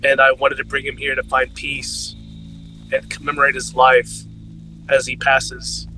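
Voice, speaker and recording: A man voices his character in a tabletop game, earnest and sincere. His tone is bright and tense, and his pitch barely moves. Faint music plays in the background. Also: monotone, measured pace, poor audio. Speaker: player. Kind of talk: in-character roleplay.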